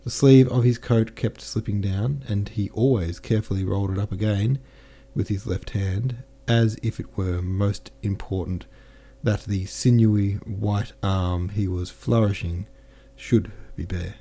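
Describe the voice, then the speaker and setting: A man narrates a classic novel in a measured, careful reading, pausing to correct the odd slip. His voice is low and strikingly dark and mellow. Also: steady tone, husky. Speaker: audiobook narrator.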